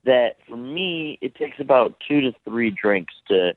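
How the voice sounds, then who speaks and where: A man calling in to a radio show, telling his story slowly and a little sheepishly over the phone. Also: mid-range voice, expressive, no echo. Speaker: caller. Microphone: telephone. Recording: phone line.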